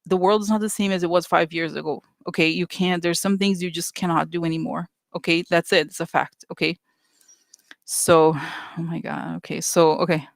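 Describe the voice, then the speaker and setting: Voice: mid-range voice, little pitch movement, moderate pace, gravelly, dry recording. A vlogger ranting casually and with exasperation to viewers, talking in loose runs full of fillers and restarts. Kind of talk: casual opinion rant to viewers.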